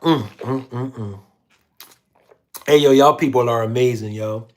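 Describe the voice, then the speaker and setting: A man's voice: medium pitch, a little slow, a little hiss or hum. A man hosting a casual livestream, reading viewer comments aloud in a slangy, laid-back way. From Philadelphia. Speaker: livestream host.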